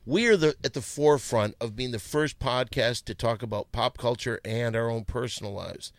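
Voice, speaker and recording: Brash male podcast host, gravelly, dry close sound. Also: medium pitch, normal speed, no echo. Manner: brash, reads listener letters aloud mockingly. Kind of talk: comedic podcast banter.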